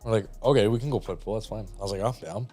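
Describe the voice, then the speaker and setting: A man's voice: on the low side, rapid-fire, a little mellow, faint music behind. A man in his twenties, a podcast co-host, telling a rambling family story in casual chat, laughing often and acting out the people he quotes.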